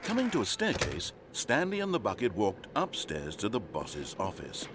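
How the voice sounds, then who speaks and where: A man's voice: on the low side, wildly swooping pitch, moderate pace, noisy background. A man narrating a video game story in a dry, wry, scripted manner.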